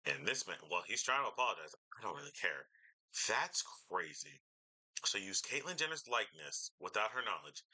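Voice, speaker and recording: A man's voice: fairly low pitch, sharp tone, low-quality recording. A man reacting casually to a clip, blunt, incredulous and swearing freely. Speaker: reaction streamer.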